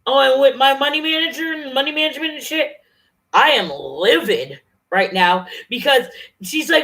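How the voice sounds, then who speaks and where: Lady venting on her vlog, swearing a lot, pretty sharp bright tone. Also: on the high side, lively intonation. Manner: angry, profane, fast-shifting rant. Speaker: vlogger.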